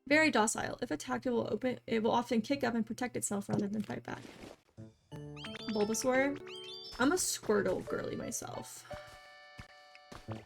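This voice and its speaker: A woman's voice: on the high side, moderate pace, creaky, pauses often, over music. A young adult woman from the United States chatting playfully while streaming a game and reading its lines aloud. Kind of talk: casual gameplay chat.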